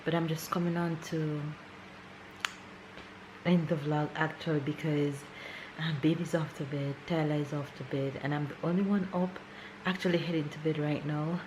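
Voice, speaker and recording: Tired lady chatting to her phone cam, kinda low voice, lots of noise around. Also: level tone, moderate pace. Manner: chatty, repeats words for emphasis. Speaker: vlogger. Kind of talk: casual vlog talk to camera. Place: at lunch in a restaurant.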